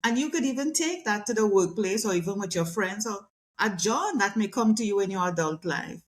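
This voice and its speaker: A middle-aged woman speaking as a guest communication specialist in a conversational interview, animated and acting out quoted voices. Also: medium pitch, brisk.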